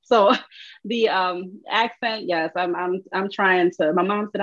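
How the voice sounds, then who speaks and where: A woman with a Michigan accent hosts a podcast, telling quick, animated stories with plenty of laughter. Her voice sits at a middle pitch. The recording is dry and a bit muffled. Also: dry recording. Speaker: podcast host. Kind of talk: casual interview chat.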